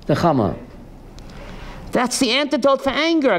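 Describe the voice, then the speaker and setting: A rabbi gives a story-driven sermon, speaking animatedly and putting questions to his listeners. His voice is very high, and he goes slowly with long pauses.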